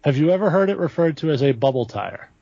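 Man, raspy voice, chatty podcast co-host, dry and dull mic. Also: on the high side, very animated, fast talker, mellow, no echo. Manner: chatty, swears, laughs easily. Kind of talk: casual chat.

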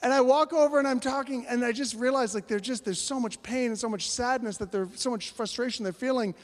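A male pastor preaching a sermon as a lively story, acting out the voices of the people in it. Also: very high voice, fairly quick, in a large hall.

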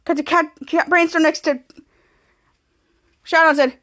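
A woman's voice: very high voice, steady tone, normal speed, pushed and bright. A woman podcast host casually recapping a TV episode scene by scene, rambling and restarting often. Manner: rambling, repeats "cut to" with frequent restarts.

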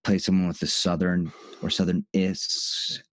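A man co-hosting a podcast, chatting casually about a movie, talking in halting bursts with many restarts. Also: low-pitched, flat delivery, no echo, clean studio sound. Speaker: podcast co-host. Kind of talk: casual movie review chat.

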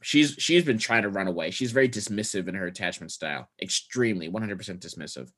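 A man's voice: low voice, animated, fast talker, fairly bright tone, slightly rough. A man co-hosting a podcast, recapping a movie in rambling, profane casual chat full of fillers and restarts. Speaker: podcast co-host.

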